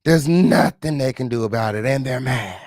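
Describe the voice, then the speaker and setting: A man hosting a casual livestream, greeting viewers with flamboyant, sing-song shout-outs and sassy, profane chatter. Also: mid-range voice, normal speed, dry recording, studio quality. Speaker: livestream host.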